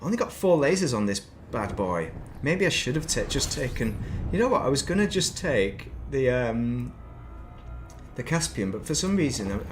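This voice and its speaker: A man's voice: mid-range voice, sing-song, moderate pace, background noise. Rambling man streaming a game. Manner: rambling, chatty, self-deprecating asides. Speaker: gaming streamer. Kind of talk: casual live-stream chat while playing.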